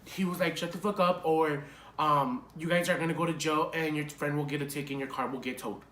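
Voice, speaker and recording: Animated young man in an echoey room. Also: on the high side, a little fast. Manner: animated, profane, lots of fillers. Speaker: vlogger. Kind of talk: casual storytime vlog. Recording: echoey room with faint hiss.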